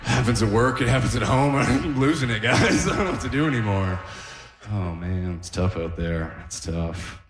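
A man's voice: lowish voice, normal speed. A man in his thirties doing a rambling, self-deprecating stand-up set, often chuckling at his own jokes. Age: 30s. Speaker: stand-up comedian. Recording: roomy reverberant room.

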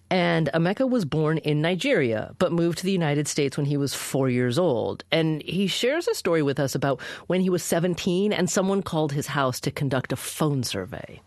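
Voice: medium pitch, no room sound, clean studio sound. A radio talk show host who reflects on the guest's points and introduces callers. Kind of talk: radio interview hosting.

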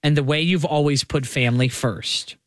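A man hosting a radio show, reading a heartfelt letter aloud in a slow, earnest way from the studio. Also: on the high side, no room sound. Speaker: radio host.

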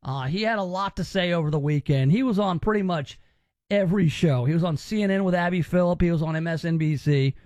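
A man's voice: high voice, a little fast, darkish tone, no echo. A man hosting a political commentary show, talking in a sarcastic, mocking way. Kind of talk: opinionated commentary.

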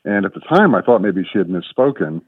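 Man, fifties, caller, rambling storyteller, fast talker, thin distant phone sound. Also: low-pitched, sing-song, slightly rough, no room sound. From Florida, US. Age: 50s. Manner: rambling, self-correcting storyteller. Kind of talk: phone-in question. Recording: tinny phone line, distant.

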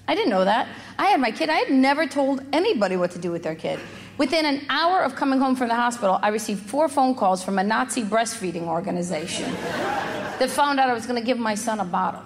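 A woman's voice: fairly high pitch, animated, a little fast. A middle-aged woman doing stand-up, delivering brash, sarcastic punchlines. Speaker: stand-up comedian. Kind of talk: stand-up comedy set. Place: comedy club stage. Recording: echoey hall, crowd noise. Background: audience laughter.

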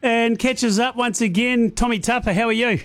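A man's voice: very high-pitched, fairly even intonation, moderate pace, a bit bright. A man hosting a casual radio interview, easygoing and teasing. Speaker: radio host.

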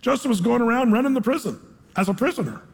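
Male pastor, dramatic casual storyteller, husky, long hall echo. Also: very high-pitched, lively intonation, fast talker. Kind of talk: sermon, retelling a scripture story. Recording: echoey hall.

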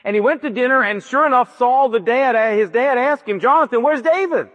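A high-pitched male pastor retells the scripture with lively storytelling and acts out the characters' words. His voice carries a long hall reverb, and the recording sounds dull and muffled. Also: a little fast. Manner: animated storytelling, acts out quoted speech. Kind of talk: sermon.

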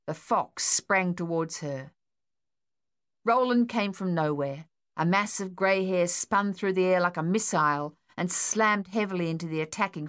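A woman reading a story aloud in a steady, measured narration. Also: on the low side.

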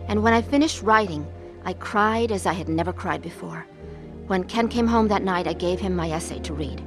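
A woman earnestly narrating her own life story, acting out her scenes with deep emotion. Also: moderate pace, over music. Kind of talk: dramatized testimony narration.

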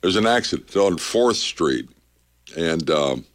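A man's voice: sits low, expressive, slow pace, no echo, studio quality. A man hosting a morning radio show, giving traffic news in an easygoing, conversational way. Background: faint music bed.

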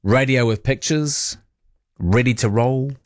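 A man hosting an overnight talk radio show, reading listener messages in a relaxed, chatty, self-deprecating way. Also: mid-range voice, takes it slowly, dry recording, clean studio sound. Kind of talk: late-night radio, reading listener texts. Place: radio studio. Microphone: studio microphone.

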